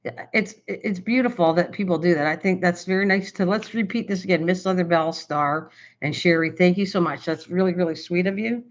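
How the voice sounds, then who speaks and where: A woman's voice: lowish voice, fairly quick. An older woman hosting a casual live stream. She chats on while writing down a recipe and thanks her viewers over and over. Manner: chatty, thinks aloud while writing, effusively thanks viewers. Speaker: livestream host. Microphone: computer streaming setup.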